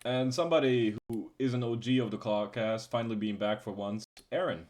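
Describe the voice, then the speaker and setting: A man's voice: medium pitch, a little fast, darkish tone. A young man hosting a casual podcast, laid-back and swearing now and then as he explains how things work. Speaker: podcast host.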